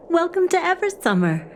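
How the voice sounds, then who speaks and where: An actress voicing a bubbly, giggly flower-shop clerk in a video game. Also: female voice, very high-pitched, a little hiss or hum, voice pushed up, exaggerated voice. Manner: bubbly, sing-song and giggly. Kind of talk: game voice acting.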